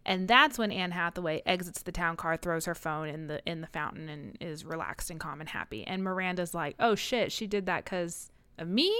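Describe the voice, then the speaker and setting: A woman's voice: fairly low pitch, moderate pace, hardly any pauses, sharp tone, clear, resonant tone, dry recording. A woman co-hosting a casual book podcast, adding wry asides and murmuring agreement. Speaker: podcast co-host. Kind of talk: casual book-club chat.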